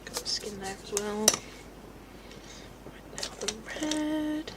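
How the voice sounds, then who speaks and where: A woman's voice: medium pitch, slow, very noisy. Chatty West Country woman, thinking aloud. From England. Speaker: colouring streamer. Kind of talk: casual live-stream chat while colouring.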